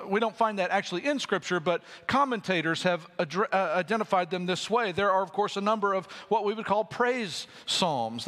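A man's voice: high-pitched, fairly bright tone. A man preaching a sermon to his church in a conversational way, with joking asides and dramatic readings of scripture. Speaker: pastor. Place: church sanctuary. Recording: long reverb of a church hall.

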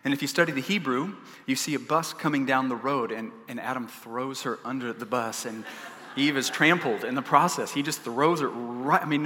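A man preaching a sermon, telling stories in an animated way and adding humorous asides. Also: medium pitch, long reverb tail. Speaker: pastor.

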